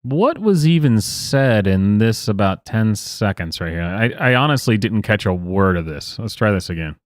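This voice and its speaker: A man's voice: lowish voice, expressive, moderate pace, no room sound, clean studio sound. A man hosting a reaction show, sighing and rambling in exasperated commentary. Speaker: host reacting to clips.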